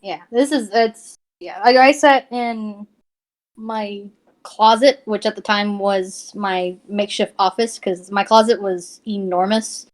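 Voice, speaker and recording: A woman's voice: mid-range voice, fairly even intonation, takes it slowly. A young adult woman, a fan artist, chatting as a podcast guest, rambling with lots of fillers and restarts. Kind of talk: casual interview chat.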